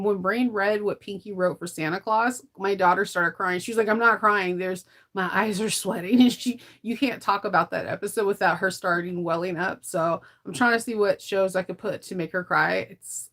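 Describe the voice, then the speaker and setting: Chatty laughing woman, tired. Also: mid-range voice. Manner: chatty, laughs often, trails off mid-sentence. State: tired, recovering from illness. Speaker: sewing vlogger. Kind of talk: casual chat while sewing.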